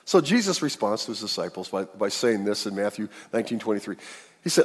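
A man's voice: fairly low pitch, animated, fast, husky. A man preaching a sermon to a congregation, acting out the people in the story as he tells it. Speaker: pastor. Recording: long hall reverb.

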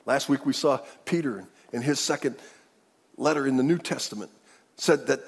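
A man's voice: mid-range voice, moderate pace, creaky, slightly rough, big-room sound. An older man preaching a sermon as pastor, emphatic, often repeating words and restarting phrases.

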